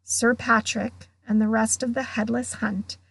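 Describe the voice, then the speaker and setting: A woman reading a novel chapter aloud as a guest reader, in slow, measured storytelling. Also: a little high, level tone, a bit bright, husky, dry recording.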